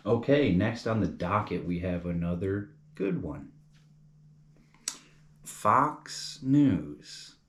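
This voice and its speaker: Very deep-voiced casual young man. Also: sing-song, normal speed, few pauses, a little hiss or hum. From New York. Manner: rambling, casual, says "bro" and "dude". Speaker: comedy reviewer. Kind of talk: casual review chat.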